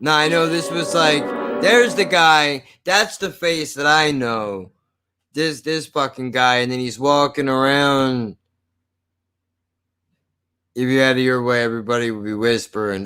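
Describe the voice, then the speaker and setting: A man's voice: medium pitch, measured pace, bright, forceful tone, clear, resonant tone. A man hosting his channel, reacting to an old film with blunt, sarcastic, profanity-filled commentary. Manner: blunt, sarcastic and full of swearing.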